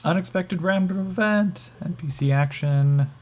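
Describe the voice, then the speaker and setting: A man narrating a solo tabletop game as game master, thinking aloud, halting and swearing as he rolls. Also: high-pitched.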